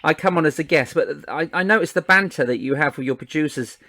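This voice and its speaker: A man's voice: fairly high pitch, fast talker, sharp tone, no room sound. A man interviewing a friend in casual chat, enthusiastic and full of friendly banter.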